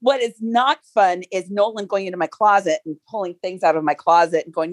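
A woman in her forties, a podcast guest chatting in an easygoing, warm way. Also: mid-range voice, brisk. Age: 40s. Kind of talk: casual chat.

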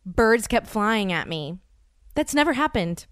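A woman's voice: medium pitch, big pitch swings, unhurried, a bit bright, smooth, no room sound, clean studio sound. An American woman in her thirties, a podcast host telling a story in a rambling, casual way, full of "like" and stammered restarts. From United States. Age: 30s.

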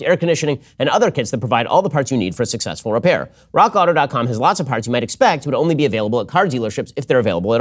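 A man hosting a political commentary show, talking fast and argumentatively, with a read ad segment. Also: mid-range voice. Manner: quick, animated, argumentative.

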